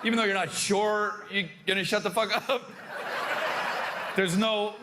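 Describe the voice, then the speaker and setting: A man's voice: sits high, level tone, normal speed, pauses often, heavy background noise. A man doing crowd work on a theater stage, brash and profane, mocking an audience member while laughing through his lines. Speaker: stand-up comedian. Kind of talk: crowd-work stand-up set.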